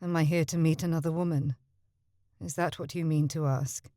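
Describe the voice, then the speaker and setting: A woman voicing a smooth-talking young gentleman rake with a deep, rich voice. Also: normal speed, no room sound, studio quality, lightly acted. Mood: quiet.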